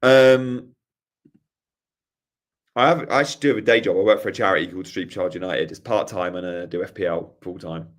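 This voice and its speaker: A young man hosting a live stream Q&A, reading chat questions aloud in a jokey, casual way, his voice hoarse after a night out. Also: low-pitched, a little fast, pauses often. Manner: reads chat questions aloud, jokey, tries silly regional accents. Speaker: host.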